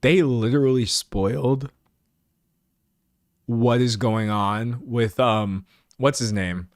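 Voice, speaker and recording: A young man in casual live-stream chat, giggling often and rambling as he answers his viewers. His pitch sits in the middle range. The sound is dry and close. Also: takes it slowly, no room sound.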